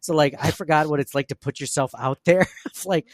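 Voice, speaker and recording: A man's voice: on the high side, brisk, no room sound. A man co-hosting a podcast, rambling and self-deprecating in casual chat, laughing often. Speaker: podcast co-host.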